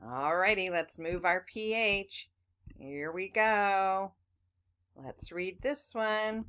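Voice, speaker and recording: A woman teaches phonics to children, patiently sounding out words one letter at a time and addressing the class as boys and girls. Her mid-range voice is slow and a bit bright.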